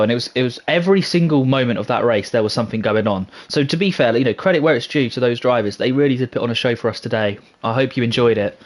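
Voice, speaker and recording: Upbeat man calling race results. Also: mid-range voice. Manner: upbeat, reads results in a quick list. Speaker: race commentator. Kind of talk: post-race commentary.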